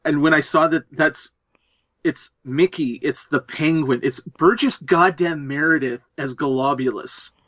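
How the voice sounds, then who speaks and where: A man hosting a casual movie commentary podcast, riffing in an animated, profane way. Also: on the high side, unhurried, dry recording. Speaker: podcast host.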